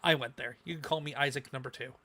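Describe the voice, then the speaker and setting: A man co-hosting a casual livestream podcast, animated and repeating phrases for emphasis. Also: medium pitch, fast talker, a little hiss or hum. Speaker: podcast co-host.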